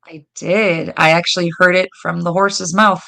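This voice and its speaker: A woman guest telling lively stories in a casual interview, acting out quoted dialogue. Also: lowish voice, moderate pace, vocal fry. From United States. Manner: animated, lots of "like" and quoted dialogue. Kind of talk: casual storytelling.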